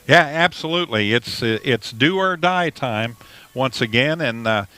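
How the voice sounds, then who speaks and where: A man works as color commentator on a live football pregame show. His voice is bright and forceful at a middle pitch. He chats in a relaxed, conversational way. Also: unhurried, rough recording. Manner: relaxed, conversational, with many fillers. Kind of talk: pregame sports broadcast.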